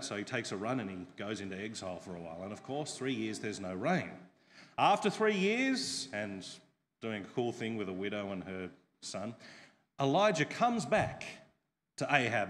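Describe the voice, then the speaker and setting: Lively, humorous male preacher in a hall. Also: mid-range voice, moderate pace. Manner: lively humorous storytelling, asks the congregation. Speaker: pastor. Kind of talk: sermon.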